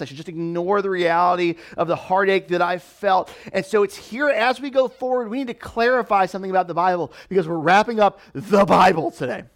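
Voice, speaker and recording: A man in his thirties preaching a conversational sermon, animated, with many fillers and restarts. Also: sits high. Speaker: pastor.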